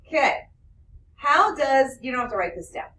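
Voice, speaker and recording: A woman teaching math in a classroom, explaining with quick questions to her students. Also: high voice, expressive, sharp tone, poor audio. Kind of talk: classroom lecture.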